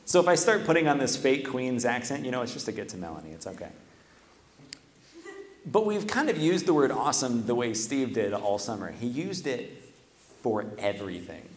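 A man's voice: mid-range voice, big pitch swings, moderate pace. A man preaching a sermon at a church microphone. He talks in a casual, conversational way and often checks in with the listeners by asking "right?". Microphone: stands at a microphone. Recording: echoey church hall, long reverb.

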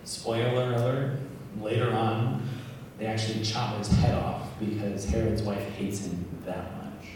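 A man giving a casual, joking sermon, full of asides and quick tag questions to the listeners. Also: lowish voice, fairly even intonation, noisy background. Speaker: preacher. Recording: echoey hall, distant mic.

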